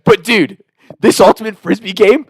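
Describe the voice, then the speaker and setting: A young man spins a rowdy personal story, swearing freely and laughing as he goes. His voice sits high with a gravelly edge, and the sound is dry and close. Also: normal speed, no room sound. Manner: animated, profane, laughing. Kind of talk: casual storytelling.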